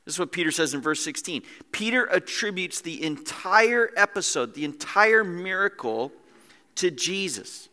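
A man preaching a sermon as pastor, animated and acting out scenes in different voices, in a church hall. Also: high voice, moderate pace.

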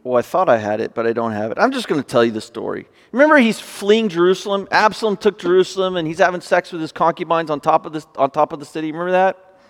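A man with a high-pitched voice preaching a sermon. He reads scripture and then unpacks it in a relaxed, conversational way. His voice rings with the long reverb of a large hall. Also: fast. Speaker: pastor.

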